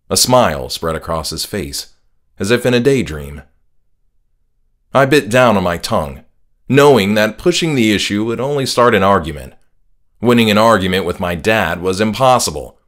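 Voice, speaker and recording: A man narrates his own horror tale in a low-set voice. His pitch rises and falls freely as he tells it. The reading is scripted but expressive, with a storyteller's cadence.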